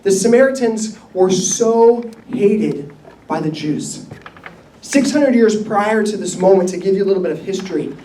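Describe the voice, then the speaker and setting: A man, a pastor, telling a story in a conversational, animated sermon with laughs. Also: high-pitched, moderate pace, a little hiss or hum. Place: church hall. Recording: roomy echo, mic at a distance.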